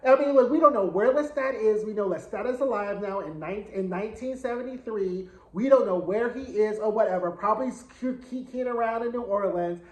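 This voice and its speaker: A man's voice: high voice, a little fast, hardly any pauses. Chatty man recapping a show in an echoey room. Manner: chatty, slangy, dramatic retelling. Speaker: TV show reviewer. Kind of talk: casual episode recap.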